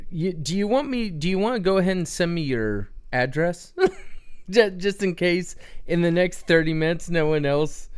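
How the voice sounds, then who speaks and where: Male livestream host, smooth clear voice, chatty and rambling, asks the chat questions. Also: a little high, a little mellow. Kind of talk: casual livestream chat with viewers.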